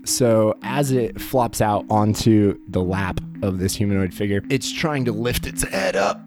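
A man narrating as game master of a tabletop game, loose and animated with fillers and laughter. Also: fairly low pitch, a little slow, music in the background.

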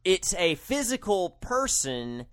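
A man co-hosting a podcast, musing in slow, animated casual chat with fillers. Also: sits high. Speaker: podcast co-host.

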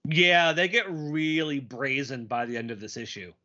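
Bright-voiced man on a podcast. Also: mid-range voice, normal speed, lo-fi sound. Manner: animated, quips and reads lines aloud. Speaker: podcast co-host. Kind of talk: casual comic book podcast chat.

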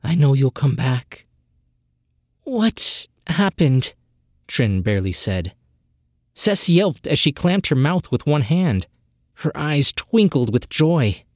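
A professional narrator reading a fantasy short story in a measured, expressive storytelling manner. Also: medium pitch, no echo, clean studio sound. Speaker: audiobook narrator.

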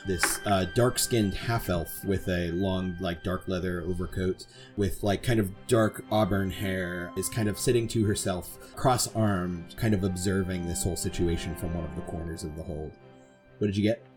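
A man's voice: low-pitched, steady tone, normal speed, over music. A man narrating as game master in a tabletop game, with a loose, filler-heavy style.

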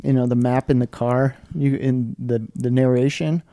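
A man's voice: medium pitch, fairly even intonation, normal speed, warm tone, dry recording, clean studio sound. A man who hosts a priest podcast, chatting casually and teasing his guest playfully.

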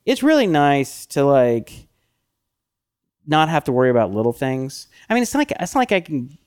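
A middle-aged man co-hosting a podcast, chatting casually with lots of fillers and animated when he quotes himself. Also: on the high side, normal speed, smooth. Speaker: podcast co-host. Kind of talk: casual chat.

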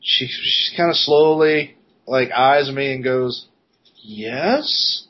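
A man co-hosting a podcast, telling a story in a casual, animated way, laughing and swearing as he goes. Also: mid-range voice, slow. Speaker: podcast co-host. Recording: dull lo-fi podcast recording.

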